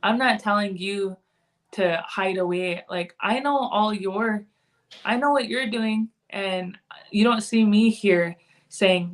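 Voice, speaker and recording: In a mid-range voice at a slow pace, a woman guests on a podcast and keeps things conversational. She comes across as frank and candid, with an occasional curse thrown in.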